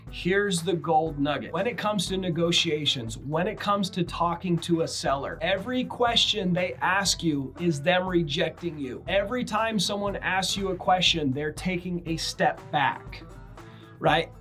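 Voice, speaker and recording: Man, slightly high voice, brisk coaching talk, acts out phone calls, faint background music. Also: fairly bright tone. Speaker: real estate investor teaching cold calling. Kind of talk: instructional talk to camera. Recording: faint music bed underneath.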